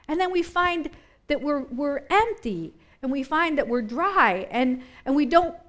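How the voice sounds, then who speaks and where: High-voiced woman preaching with fervor. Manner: impassioned, repetitive, rising and falling intensity. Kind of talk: sermon.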